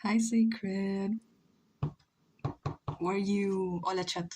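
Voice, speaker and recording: A woman's voice: medium pitch, steady tone, extremely slow, a little mellow, slight background noise. A young woman from Chile, chatting casually and joking with her chat while she draws on a livestream. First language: Spanish. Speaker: streamer.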